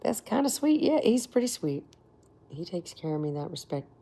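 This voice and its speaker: A woman's voice: lowish voice, very animated, fairly quick, gravelly, mellow. A woman chatting casually with viewers on her livestream, laughing often and sometimes dropping to near whispers. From Florida. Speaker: livestream host.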